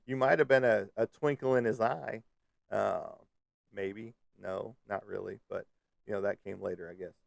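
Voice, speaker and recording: Host type: male, low and gravelly, loose joking ramble, dry close mic. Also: fairly even intonation, normal speed, no room sound. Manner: rambling, joking, lots of fillers. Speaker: live stream host. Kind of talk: casual live chat with viewers. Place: Kansas City area.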